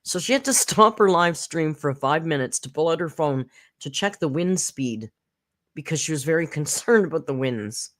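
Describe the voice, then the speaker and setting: A woman's voice: deep voice, lively intonation, moderate pace. A woman hosting a casual live reaction stream, snarky and profane, rambling with fillers, close to her mic. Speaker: commentary channel host. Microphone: close desk mic.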